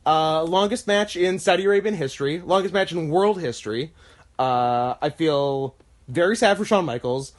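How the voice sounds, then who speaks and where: A man's voice: fairly high pitch, normal speed. A man co-hosting a casual wrestling podcast, talking in a sarcastic, jokey way with mock-dramatic outbursts. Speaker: podcast co-host.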